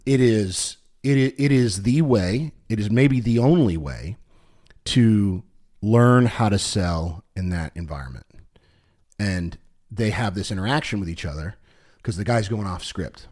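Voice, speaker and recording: A podcast co-host with a slightly low voice chats casually at a measured pace, rambling, piling on "like" fillers and restarting sentences. Retelling stories, he becomes noticeably more energetic and animated.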